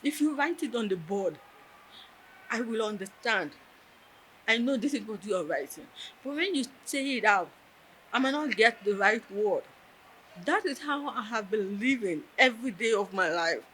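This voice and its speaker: A woman's voice: a little high, animated, normal speed, fairly bright tone, a little hiss or hum, rough recording. A woman telling a personal story in an interview, earnest and emotional, close to tears. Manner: earnest, emotional, tells with quoted dialogue.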